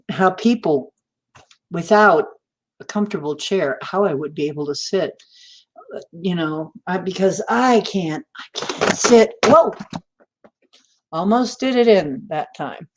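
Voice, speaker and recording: A woman hosting a livestream, chatting casually with viewers, laughing often and greeting them by name. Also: sits low. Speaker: livestream host. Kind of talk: casual chat with live viewers.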